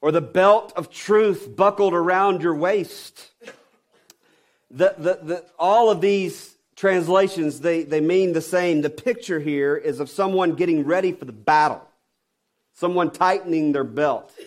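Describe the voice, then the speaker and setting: Emphatic preaching man, higher voice. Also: measured pace. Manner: emphatic preaching with rhetorical questions; swings between loud stresses and quiet drops. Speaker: pastor. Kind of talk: sermon.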